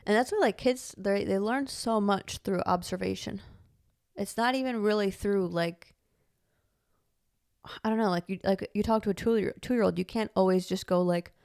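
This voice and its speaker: A woman with a medium-pitched, gravelly and slightly mellow voice co-hosts a casual podcast at a moderate pace. She rambles chattily, leaning on "like" as filler and laughing often as she tells stories.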